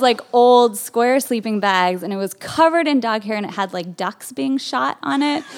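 Woman from California, personal storyteller, a bit high-pitched, casual and chatty. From Berkeley, California. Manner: chatty, full of "like" fillers.

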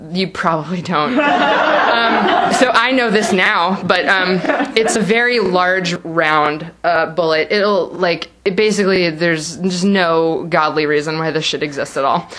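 A woman's voice: lowish voice, measured pace, a bit bright. A woman telling a personal story aloud, rambling with lots of fillers and frequent laughter. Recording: noisy live recording.

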